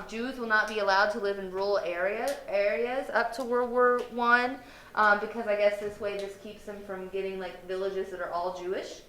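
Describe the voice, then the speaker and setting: A woman's voice: a little high, sharp tone. A woman history teacher giving a casual, chatty classroom lecture. She often acts out quoted lines in a playful way. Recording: echoey classroom.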